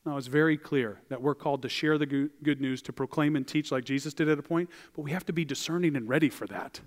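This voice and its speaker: A man preaching a sermon as a pastor, animated and acting out the voices of the people in the story. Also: a little high, quick pace, big-room sound. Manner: animated, acts out voices of biblical figures. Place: church.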